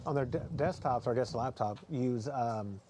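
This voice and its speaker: A man hosts a loose, casual chat, rambling and correcting himself, joking as he goes, with a mild speech impediment. His pitch sits at an ordinary middle level for a man. A faint hiss of background noise runs under his voice. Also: normal speed. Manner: rambling, self-correcting, jokey. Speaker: podcast host.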